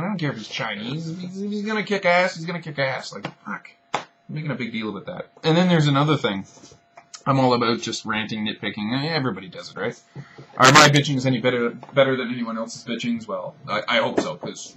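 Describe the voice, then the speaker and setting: A man's voice: mid-range voice, pushed and bright, a little hiss or hum. A young man ranting to the camera in a rambling, profane, sarcastic way. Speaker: video blogger.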